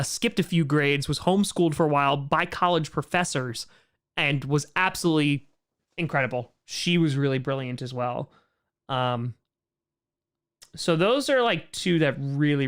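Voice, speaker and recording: A man's voice: fairly high pitch, a bit bright, clear, resonant tone. A man hosting a casual livestream Q&A, answering chat questions in a rambling way, full of "like" fillers and blunt opinions. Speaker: streamer host answering chat.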